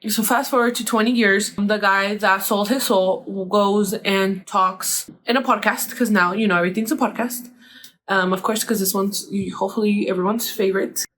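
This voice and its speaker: A woman hosting her own podcast, telling a story in a loose, rambling way. Her voice sits at an ordinary middle pitch, and she leans on fillers and drops the odd swear word as she goes. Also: fairly even intonation, normal speed, a bit bright. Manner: rambling, filler-heavy retelling with casual swearing. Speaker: podcast host. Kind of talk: casual storytelling.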